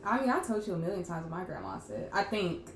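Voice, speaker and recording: A young woman co-hosting a podcast, chatting casually and acting out quoted lines with loud, laughing bursts. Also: fairly low pitch, fast. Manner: animated storyteller, acts out quotes loudly with laughter. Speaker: podcast co-host. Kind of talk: casual chat. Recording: echoey room with faint background noise.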